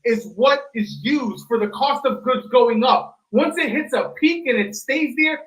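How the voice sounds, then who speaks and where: A man on a discussion panel who argues loudly and emphatically, swearing as he makes his points. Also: very high voice, a little slow, poor audio. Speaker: panel guest. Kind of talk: heated panel debate.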